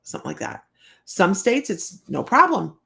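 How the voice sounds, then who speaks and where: A woman's voice: lowish voice, huge pitch swings, moderate pace, gravelly, sharp tone. A woman hosting a casual live stream as a psychic reader, telling rambling stories and laughing often. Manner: rambling, chatty, laughs often, many fillers. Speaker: psychic reader and show host.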